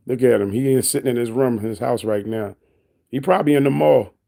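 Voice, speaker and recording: A man with a voice of middling pitch chats casually on a livestream. He reads out viewers' comments and answers them with teasing and mockery. He breaks into laughter often. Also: a little fast, creaky, warm tone. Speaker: livestreamer reading chat.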